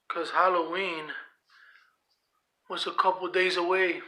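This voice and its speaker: Slow, bright-voiced male storyteller. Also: high-pitched, level tone. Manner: slow, dramatic, shifting loudness. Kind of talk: spooky storytelling.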